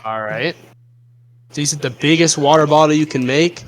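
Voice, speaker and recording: A man serving as game master, calmly narrating the action and explaining the rules in a measured way. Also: a little high, a little hiss or hum, rough recording.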